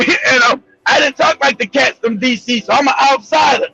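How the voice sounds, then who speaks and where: A man with a Los Angeles accent telling a profane street story as a show host, animated, loud and laughing often. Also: extremely high pitch, moderate pace, creaky, breathy edge, no room sound, highs cut off, soft background music. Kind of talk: storytelling monologue.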